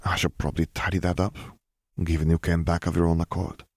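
A man's voice: low-pitched, level tone, fairly quick, breathy edge, dry recording, studio quality. A man voicing a young, pregnant French witch who teases and scolds in a murmur, read as a character in an audiobook. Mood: teasing, cross. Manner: murmured, teasing reproach.

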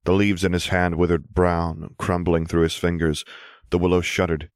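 A man reading story narration in a steady, measured voice. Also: low-pitched, clear, resonant tone, dry recording, studio quality. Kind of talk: scripted narration of fan fiction.

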